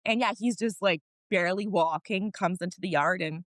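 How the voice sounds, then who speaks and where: In clean studio audio with no room sound, a woman with a lowish voice speaks at a normal pace. She's a wellness practitioner appearing as a podcast guest in a casual interview, sharing family stories frankly and emotionally and swearing mildly now and then.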